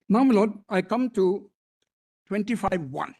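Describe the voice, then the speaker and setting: In a high-pitched, creaky, darkish voice, expressive and unhurried, a man with an Indian English accent presents formal arguments to a court bench. He defers to the judges as "my lord" while pressing his points emphatically, often restarting phrases.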